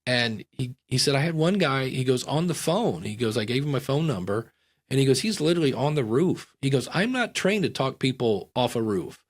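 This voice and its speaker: Middle-aged male guest, casual and animated, a storyteller who slips into voices. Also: mid-range voice. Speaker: podcast guest.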